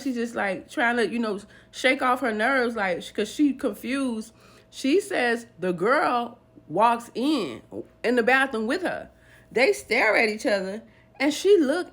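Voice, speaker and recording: A woman retelling a dramatic true story in a casual storytime way, animatedly acting out the people's lines. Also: on the high side.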